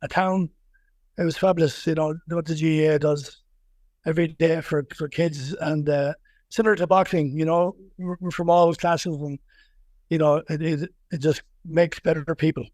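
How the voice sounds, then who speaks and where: A middle-aged man with a strong Wexford Irish accent talks in a relaxed, rambling way, stacking restarts and repeated words. His voice sits a little high for a man. The sound is close and dry. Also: moderate pace, no room sound. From Ireland. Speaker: boxing coach, guest. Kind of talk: casual podcast interview.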